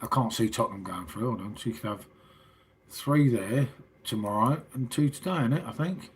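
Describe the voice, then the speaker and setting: A man's voice: medium pitch, lively intonation, moderate pace, a little hiss or hum. A middle-aged English man hosting a casual late-night livestream, chatting with viewers in a matey, sweary way. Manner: matey and sweary, calls everyone mate. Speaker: livestream host.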